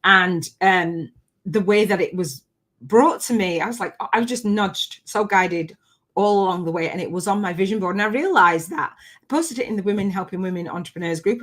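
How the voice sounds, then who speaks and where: A woman hosting a live online coaching session in a gushing, animated way, sometimes near tears. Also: mid-range voice, normal speed. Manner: gushing, animated, often laughing; emotional, near tears at times. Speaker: spiritual business coach hosting a live challenge. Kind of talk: live-streamed coaching chat.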